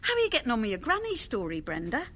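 A woman's voice: on the high side, huge pitch swings, fast, a bit bright, slightly rough, exaggerated voice. A woman voicing an earnest, encouraging friend in a radio drama.

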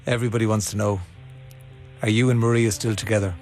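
A man's voice: lowish voice, level tone, fast talker, soft background music. A male radio host interviewing contributors, who stumbles and restarts as he speaks. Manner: warmly hesitant, with stammered restarts.

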